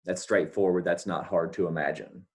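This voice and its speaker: Low-pitched and steady in tone, a male lecturer speaks at a normal speed in a recorded economics class. He explains things step by step over his scribbled notes, not at a board, and repeats the main points while asking checking questions.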